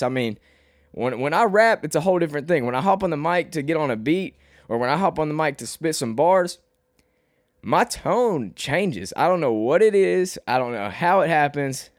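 On his own podcast, a young man from Arkansas who also raps talks in a slight Southern twang, rambling and putting himself down, frequently restarting and going higher in pitch when animated. The recording is studio quality with no room sound.

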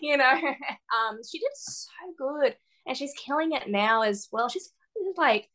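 Young woman, podcast guest, bubbly, laughs a lot, excitable storyteller. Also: high voice, measured pace. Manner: bubbly, laughs often, fond of exclamations. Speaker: wrestler guest. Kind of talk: casual podcast chat.

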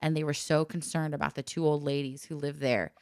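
A woman telling a personal story in casual chat, lively and laughing often as she acts out the voices of the people in it. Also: low-pitched, fairly quick, a crowd in the background.

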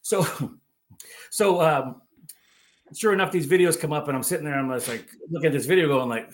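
Animated, fairly high-voiced man telling a story. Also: normal speed, long pauses. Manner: animated, acts out quoted voices, heavy filler words. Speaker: podcast guest, woodworker. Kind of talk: casual storytelling.

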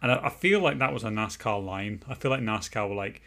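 A man's voice: on the low side, a little fast, creaky, few pauses, bright, forceful tone. Male podcast host, loose and rambling, steers the talk. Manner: rambling, many restarts, leads the discussion. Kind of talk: casual chat.

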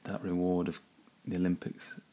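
A man's voice: sits low, completely flat delivery, moderate pace, warm tone. A man hosting his own podcast, musing casually in a rambling, self-deprecating way and often laughing at himself. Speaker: podcast host.

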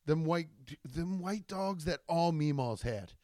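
Young male podcast host, slightly high voice, rambling cursing storyteller, dry booth. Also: slow, dry recording. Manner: rambling, profane, animated storytelling with jumpy energy. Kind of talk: casual solo podcast monologue.

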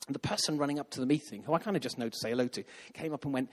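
Telling a story from the pulpit, this man speaks in a mid-pitched, animated voice at a racing pace. He takes on other people's voices as the tale unfolds, and a long reverb from a large hall rings around his words.

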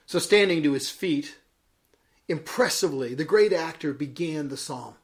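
Male bishop with a higher-than-usual voice, delivering an expressive devotional sermon story. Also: moderate pace. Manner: dramatic, varied delivery with chuckles at his own jokes. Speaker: bishop giving a daily devotional message.

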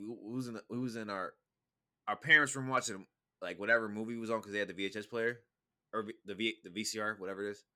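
A young man with a bright, cutting voice chats casually with his brother. He rambles through stories with plenty of "like" and cursing. He sounds easygoing and unscripted. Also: lowish voice. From California. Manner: laid-back, profane storytelling with many fillers. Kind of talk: casual chat.

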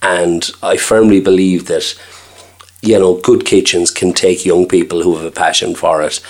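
Middle-aged Irish restaurateur, very deep voice, easy anecdotal chat. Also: male voice, flat delivery, moderate pace. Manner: chatty storyteller, acts out quoted dialogue. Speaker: restaurant owner and chef. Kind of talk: casual interview chat.

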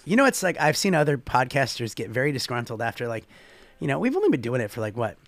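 A man co-hosting a podcast in casual chat, reading out listener comments and jumping into excited high bursts. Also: quick pace, dry recording. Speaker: podcast co-host.

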